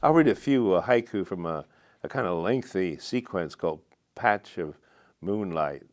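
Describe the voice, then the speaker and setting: An older American poet reading his poems aloud and reflecting on them between readings, in a slow, measured way with thoughtful pauses. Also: low voice, animated. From United States. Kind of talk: poetry reading and reflective talk. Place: TV studio.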